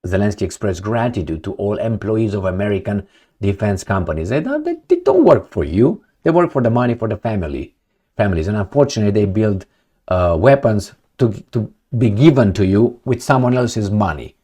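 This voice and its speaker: Rambling, sarcastic low-voiced man. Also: brisk, dark tone. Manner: sarcastic, rambling, with many fillers and restarts. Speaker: political commentator. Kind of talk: casual monologue commentary.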